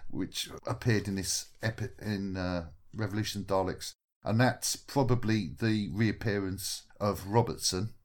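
A man's voice: lowish voice, fairly even intonation, a little slow, few pauses. A man in a casual podcast chat who talks in a chatty, hesitant way and likes to make puns. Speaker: podcast co-host.

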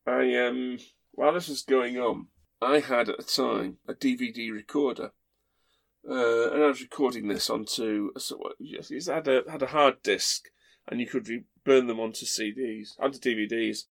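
A man's voice: mid-range voice, fairly even intonation, moderate pace, gravelly. A man hosting a podcast, telling fond, rambling stories with playful asides. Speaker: podcast host. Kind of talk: casual chat.

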